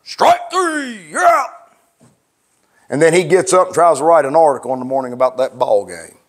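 A male pastor preaching a plainspoken, fervent sermon, swinging from low talk to raised shouts. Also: lively intonation, fast talker. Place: church.

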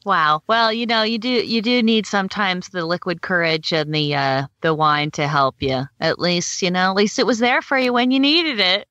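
Bright high-ish woman cohost, dry dull audio, encouraging. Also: moderate pace, hardly any pauses, no room sound. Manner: encouraging, wraps up the interview. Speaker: podcast co-host. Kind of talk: casual chat. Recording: dry, muffled lo-fi sound.

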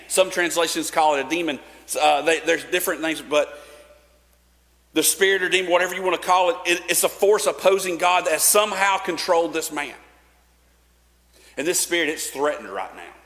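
A man's voice: a little high, a bit bright. A man preaching a sermon in a casual, conversational way, with fillers and restarts. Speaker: pastor. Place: church sanctuary. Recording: long church reverb.

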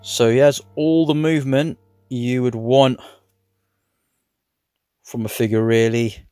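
A man casually reviewing an action figure, talking in a relaxed, rambling way with hesitant fillers. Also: medium pitch, slow, clear, resonant tone, no echo, clean studio sound, soft background music. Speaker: toy reviewer.

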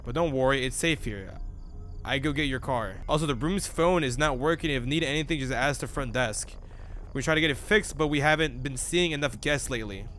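A man voicing a weary, grumbling male motel desk clerk in a low, muttering way. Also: brisk, fairly bright tone, a little hiss or hum, close to an everyday voice. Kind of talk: reading game dialogue aloud in a put-on voice.

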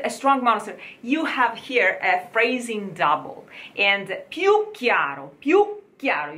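A woman teaching diction to singers in an online lesson, slowly repeating words for the listener to copy. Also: mid-range voice, bright, forceful tone.

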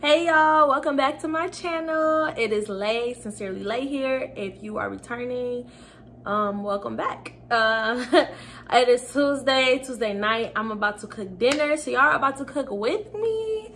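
A woman's voice: a little high, a little slow, fairly bright tone, slight background noise. A young woman vlogger chatting casually to viewers while cooking in her home kitchen, telling a story and laughing often.

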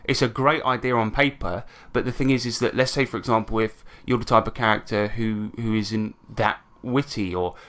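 A man's voice: on the low side, steady tone, moderate pace, few pauses, a bit bright. A British man co-hosting a podcast, chatting casually and rambling, swearing now and then. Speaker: podcast co-host. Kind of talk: casual chat.

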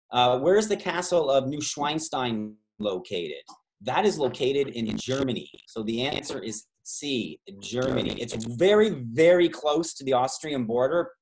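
A man's voice: medium pitch, animated, a little slow. A man from Canada hosting a travel trivia game over a video call, rambling through side stories with many fillers. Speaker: trivia host and tour guide.

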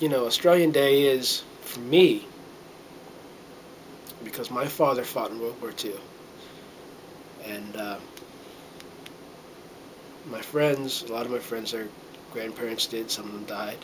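A man's voice: medium pitch, fairly even intonation, unhurried, pauses often, background noise. A middle-aged man from the United States talking to a handheld camera in a casual, earnest monologue, rambling with many fillers and restarts and getting a little choked up. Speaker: vlogger.

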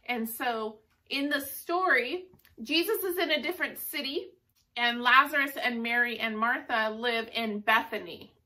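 A bright, higher-voiced woman tells a story to children, acting out what each character says. She sounds set back a little from the mic. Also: far from the mic. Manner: animated, acts out characters' lines. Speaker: Sunday school teacher.

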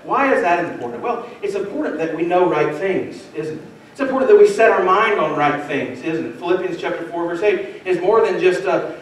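Earnest preacher in a very echoey church. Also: male voice, a little high, a little hiss or hum. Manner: earnest, rising to fervent emphasis, rhetorical asides. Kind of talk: sermon. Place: church sanctuary. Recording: very echoey church hall, distant mic.

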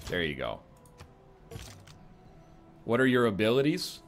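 A man's voice: fairly low pitch, sing-song, unhurried, a little hiss or hum. A man joking and thinking aloud as he plays a strategy game, giving casual gameplay commentary. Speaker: gaming streamer.

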